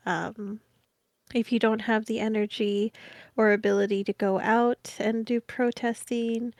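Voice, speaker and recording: A woman answering as a panelist on a live stream, soft-spoken and halting. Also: fairly high pitch, level tone, no room sound.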